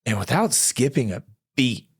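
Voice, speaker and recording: A man's voice: mid-range voice, big pitch swings, normal speed, husky, no room sound, studio quality. A middle-aged man, a podcast guest, telling a personal testimony in conversation, acting out quoted dialogue and stammering when emotional.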